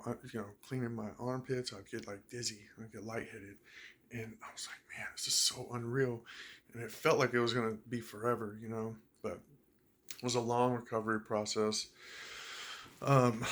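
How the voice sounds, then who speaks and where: A man's voice: mid-range voice, fairly bright tone. Man telling a story, rambling and laughing. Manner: rambling, laughs while telling, many fillers. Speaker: vlogger. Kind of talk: casual personal story.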